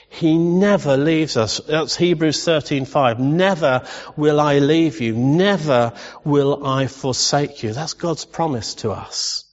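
A man preaching with passion, his somewhat high voice ringing out in a long hall reverb. The sound is dull and lo-fi, as from a church recording. He builds to loud exclamations, then drops to quiet, tender asides. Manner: impassioned, rising to loud exclamations. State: emotional. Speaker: pastor. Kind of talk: sermon.

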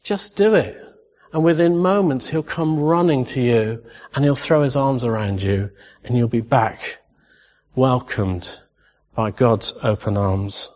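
A man preaching a sermon as pastor, impassioned, rising to loud exclamations and sometimes emotional. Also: mid-range voice, measured pace. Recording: dull lo-fi sound with long reverb.

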